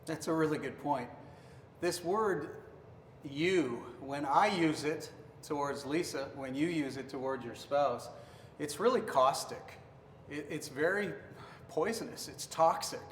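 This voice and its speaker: A man's voice: a little high, a little slow. A man pastor giving an earnest marriage devotional teaching, sometimes acting out accusing tones to make a point. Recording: roomy reverberant hall, faint noise.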